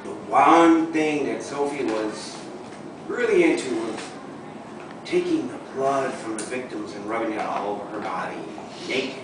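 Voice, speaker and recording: A man's voice: medium pitch, a little slow. Hesitant male improv student, echoey distant room, noisy. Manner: hesitant, with many fillers. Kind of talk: improvised storytelling.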